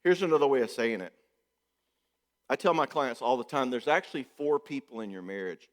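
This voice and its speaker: A man's voice: medium pitch, lively intonation, fairly quick. Joking man in an echoey hall. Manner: joking, conversational, keeps checking in with "okay?". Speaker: marriage therapist speaking at a conference. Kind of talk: conference talk. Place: church hall.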